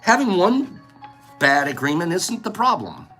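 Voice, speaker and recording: A man's voice: high-pitched, sing-song, a little slow, bright, forceful tone, husky, faint music behind. A man hosting a casual livestream chat, playful and rambling, often breaking into laughter. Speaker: host.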